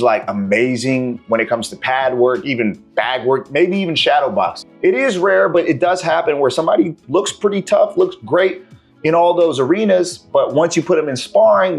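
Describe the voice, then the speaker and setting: A man's voice: fairly high pitch, vocal fry. A man, a martial arts coach, talking in a casual, slangy and profane way as he tells his story to the camera.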